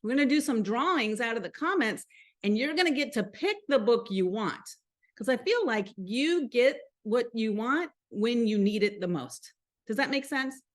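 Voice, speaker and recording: A woman with a Southern US accent hosts a live motivational stream in a fairly high voice. She is chatty and upbeat and keeps turning to her viewers with questions. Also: animated, moderate pace. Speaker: host.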